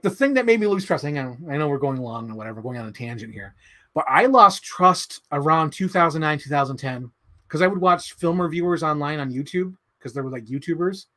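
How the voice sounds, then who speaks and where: A man's voice: fairly high pitch, a bit bright. A man hosting a live stream, chatting casually in a rambling, opinionated way and swearing often. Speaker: livestream host.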